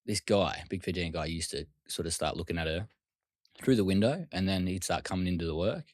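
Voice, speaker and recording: Fast-talking deep-voiced Australian man. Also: no room sound, clean studio sound. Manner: rapid, loose, swearing, many fillers. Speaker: interview guest. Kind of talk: casual storytelling interview.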